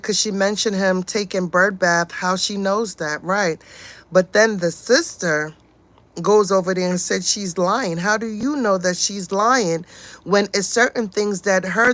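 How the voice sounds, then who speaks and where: A woman hosts a casual livestream, reading chat comments out loud and reacting with blunt, exasperated commentary full of swearing. Her voice is medium-pitched and fairly bright, with no echo.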